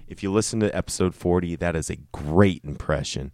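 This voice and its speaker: A man's voice: sits low, measured pace, a little mellow, no echo. A young man hosting a casual solo podcast, rambling and joking with plenty of swearing. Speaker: podcast host.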